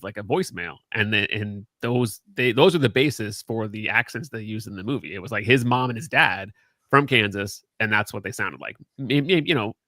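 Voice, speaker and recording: Man with a low, bright voice, quick and stumbling in casual chat, dry close sound. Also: no room sound. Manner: quick, stumbling, repeats words.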